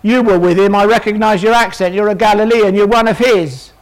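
An insistent young servant girl, as a preacher puts her on, pressing her accusation firmly and slowly. The voice stays close to the man's own. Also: high voice, close to an everyday voice. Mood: accusing. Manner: firm, accusing.

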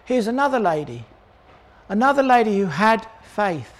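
An older man preaching a sermon, animated, acting out the voices of people in the story. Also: high voice, normal speed. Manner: animated, acts out voices of crowd and characters.

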